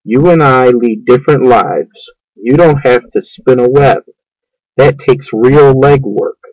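A man voicing a wise, kind female spider who speaks calmly and patiently, reading a storybook aloud. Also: mid-range voice, slow pace, no room sound, dull audio. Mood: instructing. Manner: calm, patient, instructing.

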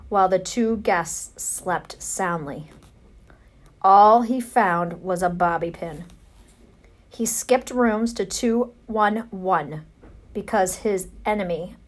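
A woman reading a children's storybook aloud, gentle and unhurried. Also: medium pitch. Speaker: narrator.

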